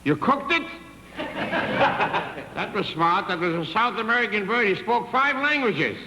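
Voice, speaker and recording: An older comedian doing a vaudeville stand-up monologue, wisecracking through one side of a phone call. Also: male voice, high voice, sing-song, fairly quick, pushed and bright, a little hiss or hum. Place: theater stage with live audience. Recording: echoey 1960s TV theater stage.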